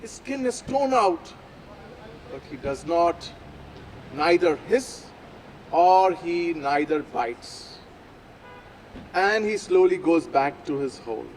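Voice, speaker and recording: Guy telling a story out in a plaza, high voice, really slow and deliberate, faint traffic behind. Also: expressive, low-quality recording. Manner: slow, deliberate, dramatic pauses. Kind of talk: live oral storytelling. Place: outdoor public plaza.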